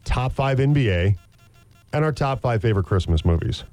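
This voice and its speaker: A man's voice: mid-range voice, expressive, normal speed, a little mellow, faint music behind. A man with an American accent co-hosting a morning radio show, telling stories in a joking, rambling way with lots of restarts. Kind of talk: casual chat.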